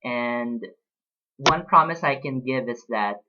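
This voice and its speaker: A man in his late twenties speaks in a casual personal vlog, thoughtful and unhurried, with frequent pauses and fillers. His voice sits at an ordinary middle pitch. The recording sounds a little dull and lo-fi. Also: background noise. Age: late 20s. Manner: reflective, talks about books with pauses and fillers. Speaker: vlogger.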